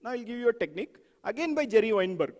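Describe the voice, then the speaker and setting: Animated man speaking in a hall. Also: very high voice, fast talker. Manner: animated, acts out examples, asks audience questions. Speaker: software testing speaker. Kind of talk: conference talk.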